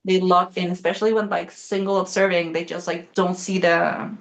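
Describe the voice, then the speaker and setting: A young woman chatting casually as a guest, telling a story quickly with lots of fillers and the odd swear word. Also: lowish voice, flat delivery, gravelly. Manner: fast, rambling, many fillers, swearing.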